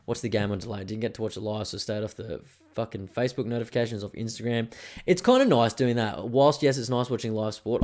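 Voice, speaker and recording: A man in his thirties with an Australian accent, hosting a casual solo podcast and telling stories in a laid-back, sweary way. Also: medium pitch. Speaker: podcast host.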